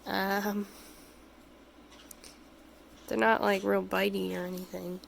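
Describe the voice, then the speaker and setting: A woman's voice: mid-range voice, level tone, slow pace, creaky, slight background noise. A woman chatting casually in a home vlog about her pets, rambling and giggling, cooing at the animals. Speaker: pet vlogger. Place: home pet room.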